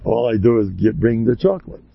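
An older rabbi with a gravelly, husky voice rambles through stories and jokes, now and then jumping up to a loud exclamation. The recording is dull and lo-fi, and very dry. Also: male voice, fairly low pitch, animated, fairly quick, no echo. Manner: chatty and joking, jumps to loud exclamations. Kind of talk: rambling storytelling sermon.

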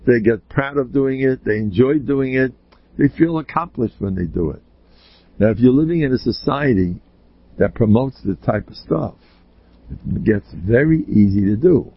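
A rabbi preaching in a husky, slightly rough voice, his pitch swinging widely as he drives home each point. He talks bluntly and fires off rhetorical questions at his listeners. The sound is dry and a little dull, like a lo-fi recording. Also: lively intonation, moderate pace, no echo. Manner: emphatic and blunt, climbing into high exclamations and rhetorical questions. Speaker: rabbi lecturing a congregation. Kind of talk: Torah lecture.

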